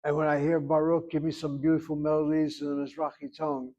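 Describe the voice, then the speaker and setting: A man's voice: fairly high pitch, completely flat delivery, fast, warm tone, highs cut off. A man with an American accent giving a Hebrew grammar lesson in a blunt, emphatic classroom lecture style. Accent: American English. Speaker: Hebrew instructor.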